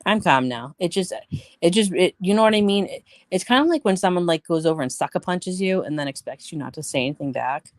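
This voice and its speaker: A blunt woman vents and tells stories to her live-stream viewers, swearing freely as she goes. Her voice sits on the low side. The sound is dry and close, with no room around it. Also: expressive, quick pace, no room sound. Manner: chatty storyteller, talks to viewers. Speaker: livestream host. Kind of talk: casual live-stream chat.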